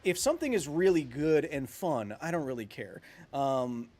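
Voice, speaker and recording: A man's voice: a little high, animated, normal speed, darkish tone, faint music behind. A man in his thirties live-streaming a video game, chatting casually with viewers in a rambling, self-mocking way. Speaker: streamer playing a video game and answering chat.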